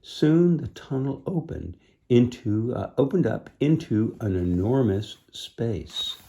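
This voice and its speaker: A man slowly reading a children's book aloud, pausing gently to point out the pictures. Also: mid-range voice, expressive, creaky. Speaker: storybook reader.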